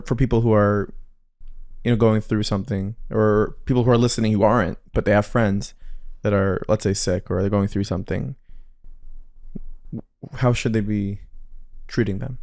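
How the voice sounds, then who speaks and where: A man co-hosts an interview, his voice sitting a bit low and recorded dry. He asks questions in a loose, joking way, often restarting mid-sentence. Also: steady tone, normal speed, darkish tone, no room sound. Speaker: podcast co-host.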